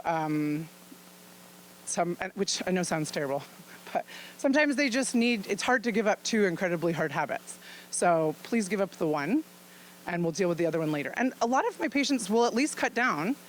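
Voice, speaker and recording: A woman physician gives an informal talk at a luncheon, explaining things frankly and chattily and laughing often. Her voice is on the low side. The low-quality recording carries a little hiss or hum.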